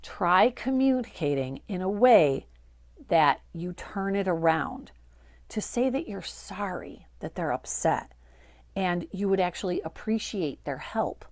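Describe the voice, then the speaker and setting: Low-voiced woman coaching with emphatic repetition. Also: animated, a little slow, no room sound. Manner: emphatic and coaxing, repeats phrases for stress. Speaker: dementia care coach. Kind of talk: direct-to-camera advice talk.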